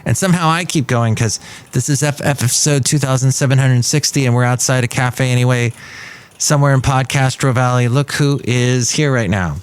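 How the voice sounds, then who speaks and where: A man's voice: mid-range voice, fairly quick, clear, resonant tone, dry recording. A man hosting a solo podcast in casual chat, rambling with jokey asides. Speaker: podcast host. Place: outdoors at a cafe.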